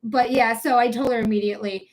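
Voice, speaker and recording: A woman's voice: on the high side, steady tone, quick pace, darkish tone. A woman chatting on a live stream as a psychic reader, rambling and frank, swearing freely as she talks straight to viewers. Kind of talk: casual live-stream chat.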